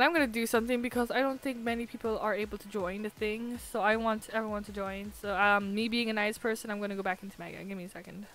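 A woman streaming a game, chatting to viewers in an excitable, chatty way and laughing often. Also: mid-range voice. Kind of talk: casual live-stream gaming chat.

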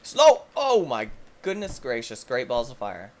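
A young man hosting a gaming video, giving goofy, excitable let's-play commentary that breaks into yelps and shouts. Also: mid-range voice, unhurried.

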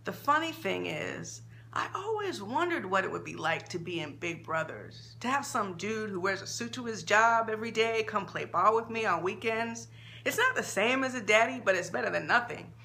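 A woman author reading her own short story aloud, expressive and slowing down for emphasis. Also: mid-range voice, creaky, slight background noise.

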